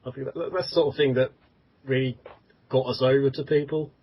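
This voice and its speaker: A man's voice: mid-range voice, level tone, fairly quick. A man who founded a fan site, chatting hesitantly on a podcast with many restarts and ums. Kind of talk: casual podcast chat. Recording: dull lo-fi audio.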